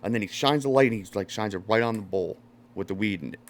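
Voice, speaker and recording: A man's voice: fairly low pitch, fast talker. A man telling a story in casual chat, swearing freely and acting out what people said. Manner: animated storyteller, swears often, acts out quotes loudly. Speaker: podcast host.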